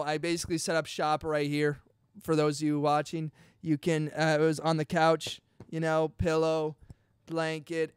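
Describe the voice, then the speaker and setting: A young man hosting a podcast, excitedly telling a personal story in casual chat, full of dude and bro. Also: on the high side, smooth, no echo, clean studio sound. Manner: chatty and excitable, peppers talk with dude and bro. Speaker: podcast host.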